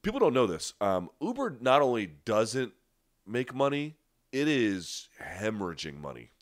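With a mid-range voice that swings widely in pitch, a livestream host answers viewer questions at a measured pace. His nose sounds stuffy, and his style is conversational and emphatic, full of restarts, fillers and pointed asides. The recording is studio quality without echo.

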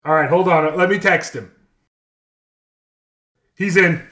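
A man's voice: a little high, slow pace, pushed and bright. A man co-hosting a casual podcast, teasing and matter-of-fact. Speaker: podcast co-host. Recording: echoey room.

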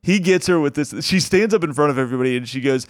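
A man's voice: on the high side, fast, dry recording, studio quality. A man hosting a comedy show, telling a funny story in a casual way, laughing as he goes and acting out quotes. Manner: laughs through his own story, acts out quotes.

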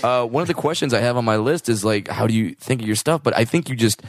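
A man's voice: medium pitch, fast talker, no room sound, clean studio sound. A man hosting a podcast, chatting casually, joking crudely and often cutting in. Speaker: podcast host. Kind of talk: casual comedic chat.

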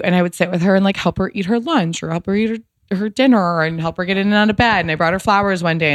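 A woman's voice: fairly low pitch, dry recording, clean studio sound. Candid woman telling an emotional story. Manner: emotional, frank, swears casually, lots of "like". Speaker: podcast guest.

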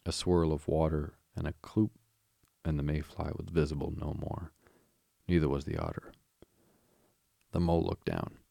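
Audiobook narrator, man, rumbling bass, flat and steady, gravelly, dry studio sound. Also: normal speed, pauses often, no room sound.

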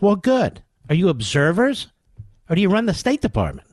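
A man's voice: high-pitched, huge pitch swings, normal speed, a little mellow, no echo. Sarcastic man hosting political talk radio. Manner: sarcastic, combative, mocking. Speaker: radio talk show host.

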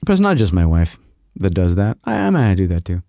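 Animated man telling a comic story. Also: low-pitched, a little fast, gravelly, no room sound, clean studio sound. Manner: rambling, animated, puts on voices. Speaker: podcast host.

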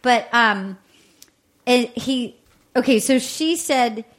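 A woman hosting a podcast, chatting excitedly about a reality show and quoting its cast in quick bursts. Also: fairly high pitch. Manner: excitable, gushing, quotes people in bursts. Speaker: podcast host. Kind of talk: casual chat.

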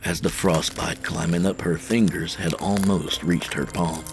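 A man narrating a first-person horror story as podcast host, measured and tense. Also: low-pitched, steady tone, creaky.

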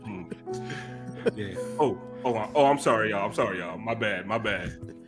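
A man's voice: on the low side, moderate pace, music in the background, voice pushed down, close to an everyday voice. A man plays a laid-back male basketball star in a comic podcast impression. He drawls lazily, hums between phrases and keeps it playful.

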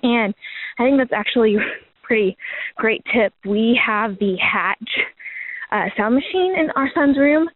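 A woman's voice: on the high side, dry recording. A woman from Georgia, calling in out of breath while on a walk. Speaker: caller. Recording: phone line.

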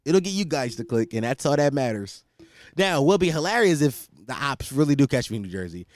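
A man's voice: medium pitch, sing-song, brisk, no echo, clean studio sound. A young man hosting a podcast, chatting casually in a rambling, profane and self-mocking way. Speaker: podcast host. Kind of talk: casual solo chat.

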